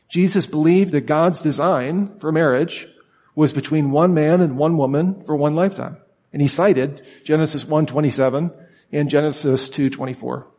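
A man lectures students with emphasis and keeps posing rhetorical questions. His voice sits a little high for a man. The sound carries a long reverb, as in a large hall. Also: darkish tone. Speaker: teacher at a summer institute.

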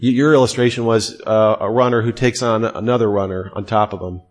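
A man's voice: fairly low pitch, fairly even intonation, fairly quick. A middle-aged man teaching a theology class, asking pointed questions and repeating key terms for emphasis.

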